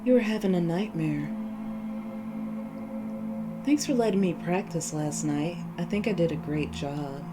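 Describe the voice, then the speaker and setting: A woman reading out a deranged woman captor's lines in a game, coolly menacing, with clear music playing behind. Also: fairly low pitch, a little slow, long pauses, natural voice, poor audio. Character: unhinged cheerful woman caretaker turned captor.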